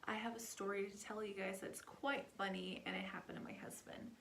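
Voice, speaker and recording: Casual storytime vlogger, young woman, chatty, rambling with fillers, mid-pitched voice. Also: brisk, a little hiss or hum. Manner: chatty, animated, heavy with filler words.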